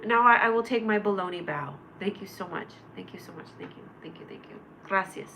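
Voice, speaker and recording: A woman's voice: medium pitch, fairly quick. Bubbly rambling woman livestream host. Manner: bubbly, rambling, reads chat comments aloud and answers viewers. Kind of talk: casual livestream chat.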